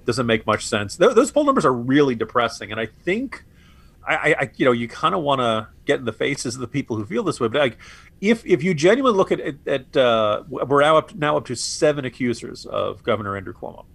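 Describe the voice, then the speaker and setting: A man co-hosting a political talk podcast, sounding exasperated and sarcastic. He stammers and restarts often. The sound is dry and close, at a middle pitch. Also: very animated, a little fast, gravelly, a bit bright, dry recording. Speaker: co-host.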